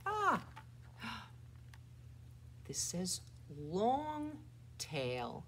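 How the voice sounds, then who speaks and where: Woman, children's librarian, toddler storytime, very slow pace, lively swooping pitch, faint background noise. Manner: playful, exaggerated loud and soft voices for toddlers. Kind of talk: storytime rhymes and picture-book reading.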